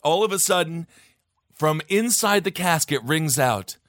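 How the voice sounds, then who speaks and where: A man co-hosting a podcast in casual comedic chat, animated and joking as he reads stories aloud. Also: fairly high pitch, unhurried, no echo, clean studio sound. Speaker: podcast co-host.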